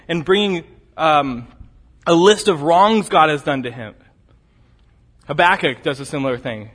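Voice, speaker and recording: A man preaching an expository sermon. He repeats key phrases for emphasis and swings between loud, urgent peaks and quiet, low drops. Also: a little slow, long reverb tail.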